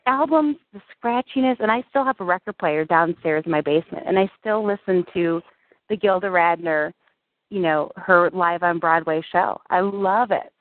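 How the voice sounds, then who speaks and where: A woman's voice: fairly low pitch, moderate pace, no room sound. A woman guest in a casual interview, rambling with lots of "like" fillers. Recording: tinny dry phone-line audio.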